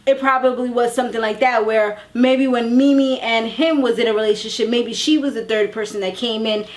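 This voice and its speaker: A woman's voice: a little high, fairly even intonation, a little fast. A woman reviewing a reality TV episode in a casual, chatty, slangy recap.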